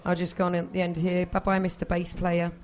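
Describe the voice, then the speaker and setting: Loud jokey woman host, middle-aged, live venue mic. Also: on the low side, monotone, a little fast. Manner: loud, bubbly, self-joking. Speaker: radio show host. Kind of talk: live show hosting, chatty. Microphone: stage microphone.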